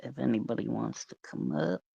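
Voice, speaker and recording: A man hosting a casual livestream, relaxed and rambling, greeting viewers by name as they join. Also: medium pitch, moderate pace, vocal fry, husky, no room sound. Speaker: livestream host. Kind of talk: casual live-stream chat. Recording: dull, lo-fi, dry sound.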